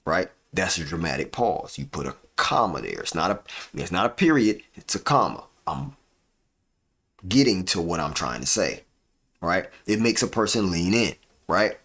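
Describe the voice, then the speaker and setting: A man hosting a live stream, giving a motivational talk with deliberate pauses and a habit of tagging sentences with "right?". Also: low-pitched, sing-song, vocal fry, fairly bright tone. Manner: preachy, repeats "right?" as a tag; uses deliberate dramatic pauses.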